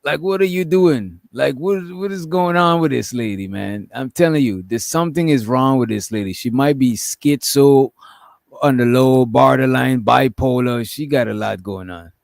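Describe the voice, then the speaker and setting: A man's voice: mid-range voice, normal speed, gravelly, dry recording, clean studio sound. A man casually commenting and joking in slang while reacting to a video. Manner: laid-back, joking slang.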